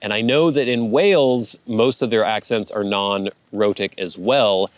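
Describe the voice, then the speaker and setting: A rambling, chatty man with a somewhat low voice hosts a casual show and reads viewer comments aloud. He laughs often and wanders from point to point. The recording is dry and close, with no room sound. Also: a little slow, no room sound. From United States. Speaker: host reading viewer comments. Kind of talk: casual chat.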